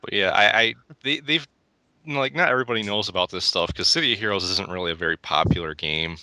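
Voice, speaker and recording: A man's voice: on the low side, fast talker, pushed and bright, no echo. A young man co-hosting a casual gaming podcast, opinionated and rambling with restarts. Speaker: podcast co-host.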